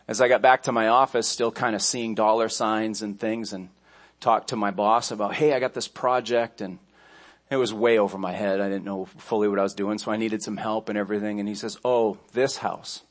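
A male pastor delivers a sermon in a lowish voice, telling stories in a conversational way and pausing for restarts and asides as he goes.

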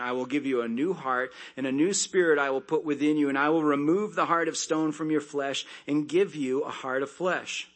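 A man preaching a sermon, reading scripture aloud and breaking off into conversational asides and quick jokes. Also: mid-range voice. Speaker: pastor.

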